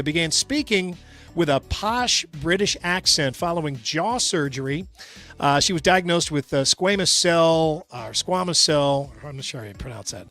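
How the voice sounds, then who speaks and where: High-voiced American radio host, joking. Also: male voice, fairly bright tone. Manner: reads news items with joking asides. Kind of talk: casual sports radio chat.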